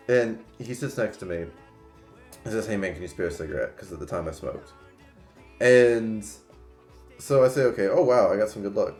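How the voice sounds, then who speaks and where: A man's voice: deep voice, a little mellow, roomy sound. A man in his twenties telling rambling stories on a casual livestream, full of fillers and restarts. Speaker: streamer.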